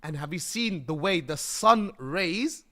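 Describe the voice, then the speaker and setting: A man chatting excitedly and swearing while live-streaming and showing off his game. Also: fairly high pitch, takes it slowly. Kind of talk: casual live-stream chat.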